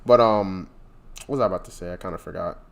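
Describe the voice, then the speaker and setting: A man co-hosting a casual gaming podcast, animated and quick to laugh, sometimes losing his train of thought. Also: low-pitched, vocal fry, slight background noise. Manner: animated, laughs often, trails off mid-thought. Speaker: podcast co-host.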